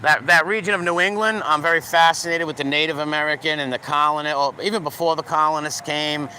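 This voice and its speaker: A man's voice: on the high side, steady tone, quick pace, bright, forceful tone. A middle-aged man from Providence with a Rhode Island accent, chatting casually with viewers while walking his dog on a city street. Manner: rambling, profane, bouncing between greetings and rants. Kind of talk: casual livestream chat with viewers. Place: city street with passing cars. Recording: faint street traffic noise.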